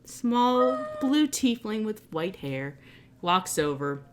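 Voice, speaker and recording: Woman dungeon master, unhurried easygoing narrator, tabletop game. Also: medium pitch, very animated, slight background noise.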